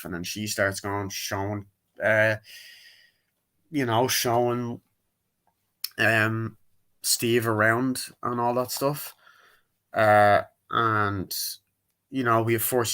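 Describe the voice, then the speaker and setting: A man's voice: on the low side, steady tone, unhurried, long pauses, a bit bright. Rambling, swearing young-sounding man reviewing a film. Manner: rambling, profane and jokey, many fillers. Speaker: movie reviewer. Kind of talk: casual spoken movie review.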